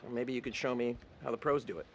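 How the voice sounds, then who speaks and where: A man's voice: medium pitch, fast, background noise, close to an everyday voice. An actor playing a shy, hesitant young man who stammers, in a game. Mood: nervous. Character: shy young male diver, awkward and unsure.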